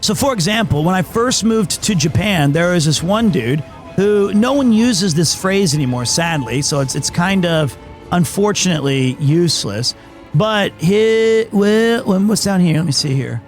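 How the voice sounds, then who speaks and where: A man's voice: high voice, expressive, measured pace, soft background music. A man streamer chatting casually on a livestream, rambling through an anecdote and acting out the quotes.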